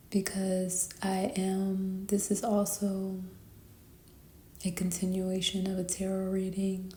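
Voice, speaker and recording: Tired woman tarot reader, flat, sleepy half-whisper, very slow delivery. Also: mid-range voice, reverberant, a little hiss or hum. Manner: sleepy, slow and soft-spoken, often whispering. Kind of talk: soft-spoken spiritual tarot reading.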